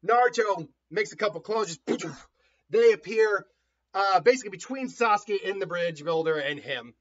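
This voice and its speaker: Animated, husky-voiced man retelling a story. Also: high voice, normal speed. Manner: animated, laughs often, acts out voices. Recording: dull lo-fi recording.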